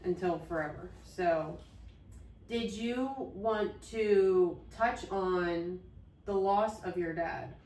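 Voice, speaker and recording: A woman's voice: lowish voice, takes it slowly, darkish tone, echoey room, distant mic, low-quality recording. A woman co-hosting a podcast, talking earnestly and openly about her late father and grief. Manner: earnest, open, loses her train of thought. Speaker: podcast co-host. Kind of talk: heartfelt conversation about grief.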